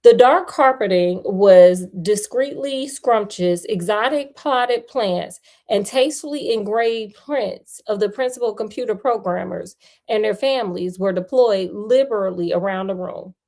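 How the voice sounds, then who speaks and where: A woman's voice: mid-range voice, unhurried, a little mellow. A woman hosting a livestream read-aloud, narrating a story and breaking off for joking, chatty asides. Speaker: storyteller host.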